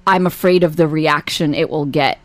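A woman's voice: low-pitched, steady tone, normal speed, no room sound. A woman co-hosting a casual radio chat, agreeable and chiming in with short replies.

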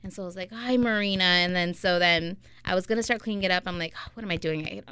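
A young adult woman co-hosting a podcast, telling an animated, chatty story in casual conversation. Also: lowish voice, fast talker, clean tone, no room sound. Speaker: podcast co-host. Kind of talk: casual chat.

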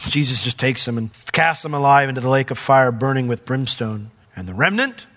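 A male pastor preaching a sermon, conversational and emphatic, swinging from raised exclamations to quiet, intense passages. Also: mid-range voice, expressive, fairly quick. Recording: long hall reverb.

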